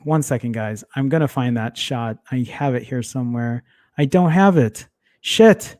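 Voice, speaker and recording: A man's voice: mid-range voice, normal speed, a little mellow. A man hosting a casual tech livestream, rambling and apologizing as he fumbles with photos, muttering and swearing under his breath. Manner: rambling, self-interrupting, apologetic while fumbling with files. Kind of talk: casual live-stream chat.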